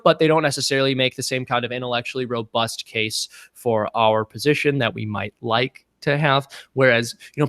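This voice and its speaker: Upbeat young man with a bright voice. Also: mid-range voice, dry recording, studio quality. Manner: chatty, joking, breaks into voices. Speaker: channel host answering viewer questions. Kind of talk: casual livestream Q&A.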